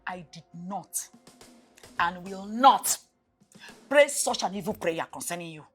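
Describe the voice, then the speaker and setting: A woman with a Nigerian accent playing a stern, preachy mother who scolds and shouts at her daughter in a film drama. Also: fairly low pitch, lively intonation, unhurried, faint music behind. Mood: shouting.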